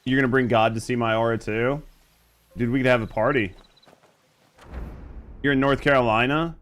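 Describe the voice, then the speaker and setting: A man's voice: medium pitch, fairly even intonation, moderate pace, fairly bright tone. A man with a Southern US accent, streaming a game and chatting casually with viewers, joking and swearing freely. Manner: profane, joking. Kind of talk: casual live-stream chat.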